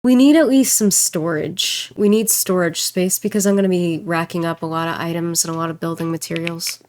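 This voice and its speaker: A woman streamer and voice actor chatting casually while she plays, rambling and joking and quick to laugh. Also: fairly low pitch, fairly even intonation, darkish tone. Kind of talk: casual livestream chat while gaming.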